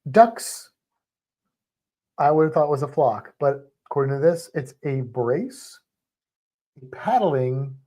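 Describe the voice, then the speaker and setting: A man co-hosting a livestream, chatting casually and rambling with fillers. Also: mid-range voice. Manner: relaxed, rambling, halting with fillers. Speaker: livestream co-host. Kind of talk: casual chat.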